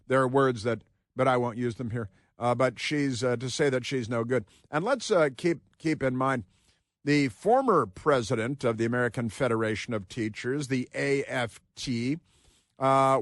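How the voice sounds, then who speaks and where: Talk radio host, male, mid-pitched, close dry studio sound, sarcastic and combative. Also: fairly bright tone, no echo. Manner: combative, sarcastic, mocking asides. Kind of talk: opinionated talk radio monologue.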